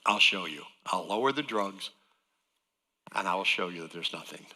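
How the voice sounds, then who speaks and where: A man putting on a skeptical, dismissive doctor who talks flatly. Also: deep voice, moderate pace, long reverb tail, pitched below the performer's own voice, exaggerated voice.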